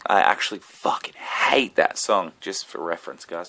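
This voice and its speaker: A man's voice: low voice, expressive, normal speed, vocal fry, few pauses, bright, forceful tone. A man, a comedian, telling a rambling, profane story straight to camera with self-mocking asides. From Australia. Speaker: comedian vlogger. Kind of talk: rambling casual monologue.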